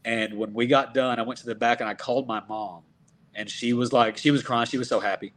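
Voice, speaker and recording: A man from Texas, a wrestler in his thirties, telling stories in a casual, animated way and acting out what people said. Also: mid-range voice, fairly quick. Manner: animated, acts out quoted dialogue. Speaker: professional wrestler guest. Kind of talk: casual storytelling.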